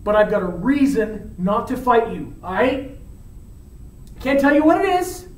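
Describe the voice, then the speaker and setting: A man's voice: very high-pitched, big pitch swings, a little slow, voice pushed up, full character voice. A man voicing a giddy young man in love, gushing and laughing in surfer-dude slang, heard in a roomy space from far off. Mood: restrained.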